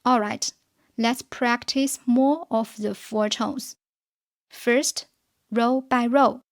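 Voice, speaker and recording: A woman teaching a scripted beginner pinyin lesson, speaking in a slow, careful way for learners to follow and repeat. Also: a little high, steady tone. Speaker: Chinese teacher.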